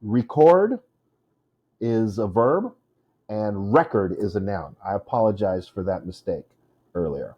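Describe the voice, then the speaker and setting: A man's voice: on the low side, measured pace, breathy edge, lo-fi sound. A man teaching a casual lesson on poetry, chatty, with many fillers, stopping to correct himself. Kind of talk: informal classroom lesson.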